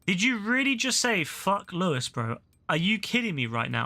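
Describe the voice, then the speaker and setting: A man's voice: sits high, big pitch swings, moderate pace, sharp tone. A young man live-streaming a video game, talking casually with lots of swearing and mock-outraged banter.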